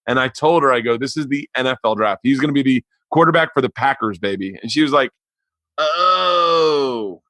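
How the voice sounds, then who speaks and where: A man's voice: medium pitch, quick pace, few pauses, fairly bright tone, dry recording. A man hosting a podcast, telling family stories in casual chat, laughing easily and calling his guest dude. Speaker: podcast host.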